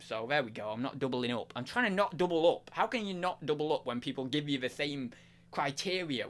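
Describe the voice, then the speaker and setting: Rambling streamer, lively pitch. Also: male voice. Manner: rambling, self-mocking, talks to chat. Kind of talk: casual live-stream chat.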